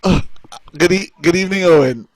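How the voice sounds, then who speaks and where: A man's voice: high-pitched, a little fast, no room sound. Effusive man hosting a show. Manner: effusive, laughing, chatty. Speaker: host.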